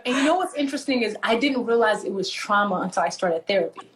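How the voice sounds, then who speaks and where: A woman from Nigeria, animated and laughing often as she tells stories in a conversational interview. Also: medium pitch, fast talker, a little hiss or hum. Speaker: author and guest.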